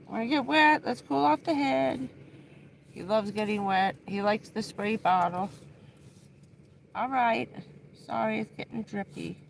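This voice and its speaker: A woman live-streaming casual chat from inside her parked van at night, blunt and quick to swear, alternately scolding and soothing her dog. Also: medium pitch, slight background noise. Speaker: livestreaming van dweller.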